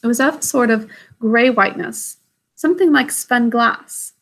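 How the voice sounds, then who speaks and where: A woman reading a children's book aloud, pausing to explain the story in plain words. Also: on the high side, a bit bright. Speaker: story reader.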